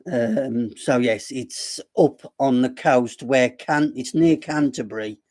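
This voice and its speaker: A man's voice: mid-range voice, slow pace, a little mellow. A man with a Black Country accent hosting a casual live stream, rambling and self-deprecating as he chats. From Black Country, West Midlands.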